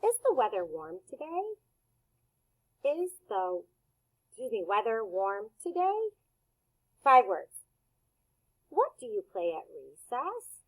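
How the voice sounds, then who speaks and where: A woman teacher leading a phonics lesson for young children, speaking in slow, clearly enunciated word drills with a cheerful, encouraging tone. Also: on the high side, huge pitch swings, a little mellow, low-quality recording.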